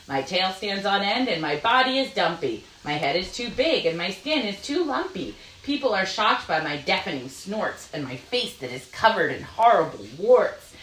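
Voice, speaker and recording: A dumpy, snorting warthog drawls slowly and gruffly about its warts and tusks, with a woman putting on the voice. The delivery sweeps up and down in pitch, with echo from the room. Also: a bit bright, far from the mic. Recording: roomy echo.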